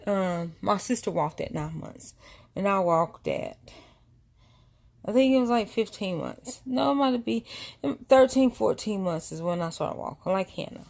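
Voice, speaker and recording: A woman tells a family story for her vlog. She rambles along and adds many asides. She talks slowly at a middling pitch. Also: vocal fry, a little mellow. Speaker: vlogger and mother.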